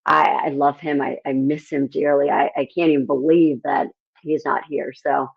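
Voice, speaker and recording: A middle-aged woman, a country singer-songwriter, chatting as an interview guest and telling lively stories. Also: low-pitched, moderate pace, vocal fry, slightly rough, highs cut off. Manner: animated storytelling, acts out others' voices. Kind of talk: casual interview chat.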